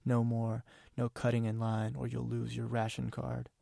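A man's voice: mid-range voice, completely flat delivery, normal speed, vocal fry, dark tone, no room sound, clean studio sound. A man reading aloud as an older man who marshals a crowd, commanding yet polite. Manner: commanding, then politely deferential.

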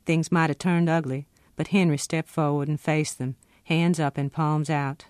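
A woman's voice: low-pitched, normal speed, no room sound. Woman author reading her novel, dry and close. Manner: steady, expressive first-person narration.

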